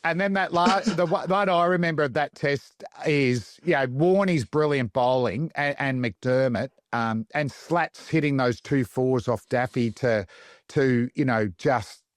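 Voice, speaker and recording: A middle-aged Australian man, a former fast bowler, telling cricket stories on a podcast and acting out the quotes with laughs. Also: medium pitch, no room sound, studio quality. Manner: animated storyteller, acts out quotes in other voices, laughs often. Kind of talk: casual anecdote-telling chat.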